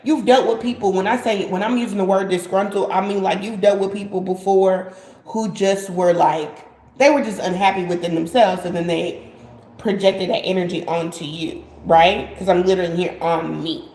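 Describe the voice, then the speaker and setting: A woman's voice: mid-range voice, fairly even intonation, normal speed, darkish tone, roomy sound, low-quality recording. A woman giving a casual live-stream tarot reading, rambling and repeating herself, often saying "like". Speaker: tarot card reader.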